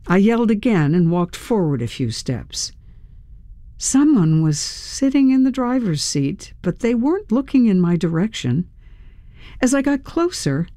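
A woman reading a first-person audiobook in a measured way, with tense dramatic pauses. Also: lowish voice, dark tone, no echo. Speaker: audiobook narrator.

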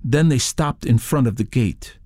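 A man's voice: mid-range voice, unhurried, mellow, no room sound, studio quality, lightly acted. A man reading the quoted words of a young male eyewitness, a mechanic, in a plain recounting manner.

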